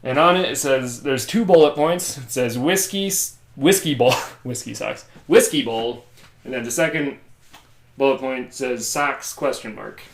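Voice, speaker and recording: A man's voice: mid-range voice, a little slow, slight background noise. A man hosting a casual solo podcast from a room at home, rambling and self-deprecating. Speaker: podcast host.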